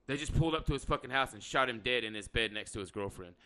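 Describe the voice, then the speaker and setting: A man's voice: mid-range voice, expressive, quick pace, sharp tone, clear, resonant tone. A man hosting a podcast in casual chat, talking in a blunt, profane and rambling way. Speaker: podcast host; electrician by trade.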